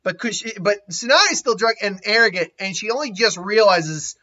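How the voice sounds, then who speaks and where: A man's voice: high voice, lively intonation, moderate pace, pushed and bright. A man casually retelling a story, rambling, laughing often and restarting his sentences. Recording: dull lo-fi recording.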